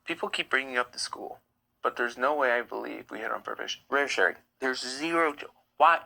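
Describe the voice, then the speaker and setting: This US livestream host reads chat comments aloud and bluntly answers them, his medium-pitched voice a little fast, creaky, pushed and bright. The recording is rough.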